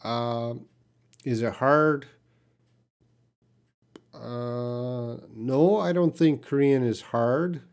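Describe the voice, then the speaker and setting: A man from Canada teaches English on a live stream, speaking at an ordinary middle pitch. He reads viewer questions aloud and answers plainly, sometimes with blunt emphasis. His voice is picked up by a computer mic. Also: drawn-out words, long pauses, clean tone.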